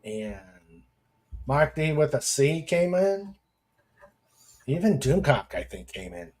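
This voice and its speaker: Slow-talking, higher-voiced male podcast host. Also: very animated, a little mellow. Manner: chatty, chuckling, with many fillers. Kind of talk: casual live-stream chat, reading viewer comments.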